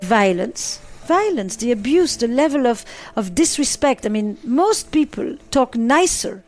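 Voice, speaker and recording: A woman's voice: fairly high pitch, sing-song, unhurried, soft background music. A middle-aged woman psychotherapist answering interview questions, driving points home with repeated phrases and lists.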